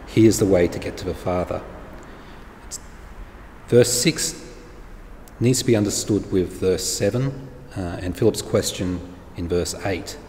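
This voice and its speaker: A man's voice: deep voice, darkish tone. Male preacher, plain-spoken sermon, roomy echoing space. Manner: plain-spoken, informal and explanatory. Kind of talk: conversational sermon to an online congregation. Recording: echoey hall with faint background noise.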